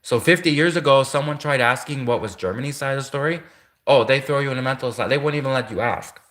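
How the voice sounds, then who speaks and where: Man, bright tense voice, rambling, repeats himself, casual monologue. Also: medium pitch, fast talker.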